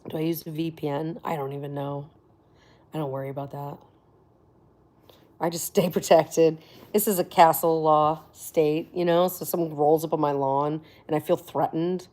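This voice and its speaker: Woman livestream host, lowish voice, casual and chatty, quick laughs, hushed asides. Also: steady tone. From Florida. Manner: chatty, laughs often, drops to near whispers. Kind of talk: casual livestream chat with viewers.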